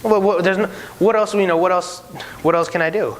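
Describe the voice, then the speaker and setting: A man who used to be a casino dealer tells stories in a casual chat, animated and acting out the people in them. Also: high voice, brisk, a little hiss or hum, rough recording. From Hispanic heritage, no country given. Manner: animated, acts out voices in his stories, many restarts. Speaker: podcast co-host, former casino dealer.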